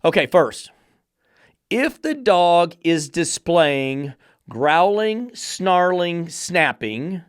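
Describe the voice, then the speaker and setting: A man's voice: fairly high pitch, very animated, drawn-out words, clean tone, no echo, clean studio sound. A man hosting a podcast about dog training, ranting bluntly and sarcastically, swearing freely as he gets fired up. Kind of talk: podcast rant.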